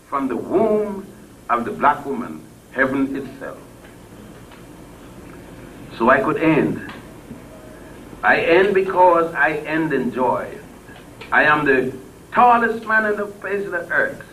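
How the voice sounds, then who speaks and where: An older man giving an impassioned speech to a crowd, blunt and salty. He swings between loud peaks and low murmurs and chuckles as he tells stories. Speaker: public speaker. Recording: distant mic with faint background noise.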